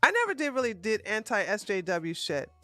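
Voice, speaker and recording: A woman's voice: mid-range voice, big pitch swings, normal speed, pushed and bright, no room sound, faint music behind. A woman hosting a live stream, ranting in a combative, profane way with frequent restarts.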